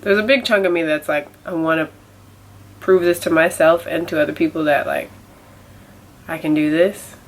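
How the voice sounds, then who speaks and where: A young adult woman with a deep, nasal voice speaks at normal speed in a steady tone, leaving long pauses. Her casual confessional vlog about a setback rambles along with plenty of fillers, and the audio is poor.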